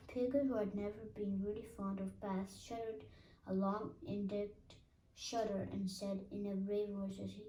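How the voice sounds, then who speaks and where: Woman reading a storybook aloud, halting. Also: mid-range voice, level tone, mellow, recorded from a distance, slight background noise. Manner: careful, halting, with small slips and restarts. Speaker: reader. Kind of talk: reading a children's book aloud. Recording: echoey room, voice off-mic.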